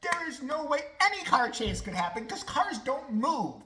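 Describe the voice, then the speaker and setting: A woman's voice: high-pitched, big pitch swings, moderate pace, hardly any pauses, pushed and bright, roomy sound, slight background noise, poor audio. A woman vlogger giving a profane, sarcastic ranting commentary full of mockery.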